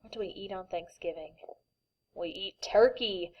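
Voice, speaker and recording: A woman's voice: medium pitch, measured pace, low-quality recording. A woman teaching kindergarten, reading a picture book aloud and asking the children questions. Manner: animated, asks the children questions.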